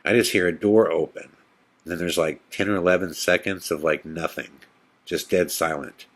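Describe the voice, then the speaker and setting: A man hosting a podcast, telling a tense personal story in a casual, animated way and acting out the quotes. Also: moderate pace. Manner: animated storyteller, acts out quotes in a whisper and excited high voice. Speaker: podcast host.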